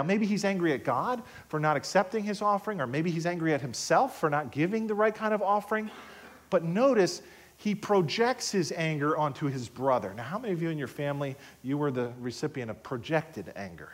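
A man preaching a sermon as pastor, animated, swinging between soft, quiet asides and loud emphatic rises. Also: on the high side.

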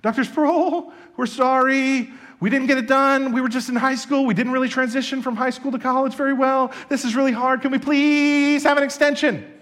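A man voicing a whiny young college freshman who begs for more time, in a high, loud, pleading voice. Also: steady tone, normal speed.

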